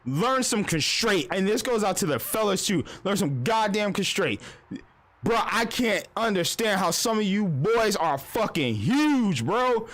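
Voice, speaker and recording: A man's voice: high-pitched, very animated, fairly bright tone. A young man streamer on a casual livestream, ranting bluntly with lots of swearing. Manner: profane, blunt, fast-talking.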